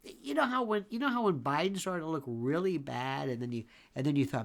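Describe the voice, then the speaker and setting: Gravelly, animated older male legal commentator. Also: fairly high pitch, brisk, hardly any pauses. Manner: emphatic, repeats phrases, swings between exclamation and muttering. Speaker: legal commentator and show host. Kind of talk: opinionated commentary.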